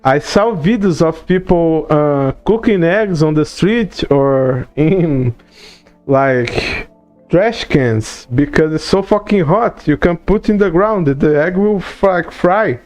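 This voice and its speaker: A man's voice: on the high side, slow, soft background music. A Brazilian man speaking English as a second language, with a Portuguese accent, chatting casually on a livestream and ranting with plenty of swearing and "bro" fillers. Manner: profane, animated rant with many "bro" and "you know" fillers. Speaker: streamer.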